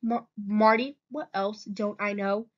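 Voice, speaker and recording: Woman voicing a stern quiet country father. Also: mid-range voice, fairly even intonation, takes it slowly, soft background music, lightly acted. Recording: dull lo-fi recording.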